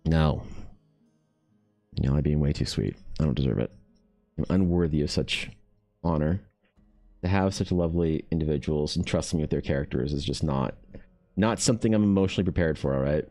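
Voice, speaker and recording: This bass-voiced artist streams as he draws, talking casually, swearing freely, reacting to chat and putting himself down. He speaks briskly but pauses often, his tone dark, with soft music playing.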